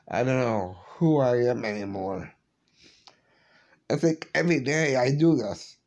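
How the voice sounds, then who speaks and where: Slow, halting, tearful man. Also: medium pitch, a little mellow. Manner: halting, repeats and restarts words; apologetic, subdued. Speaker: vlogger. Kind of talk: emotional personal vlog.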